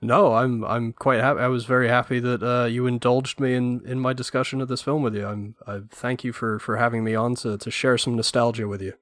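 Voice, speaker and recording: A man's voice: mid-range voice, little pitch movement, brisk, few pauses, a bit bright, no room sound, studio quality. A man guesting on a film podcast, talkative and enthusiastic, giving strong opinions at length. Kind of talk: casual film podcast chat.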